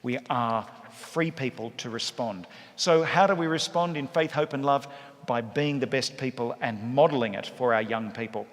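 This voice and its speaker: A man, a priest, giving a sermon in a church with lively, humorous storytelling. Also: mid-range voice, moderate pace. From Australia. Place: large church. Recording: echoey church hall.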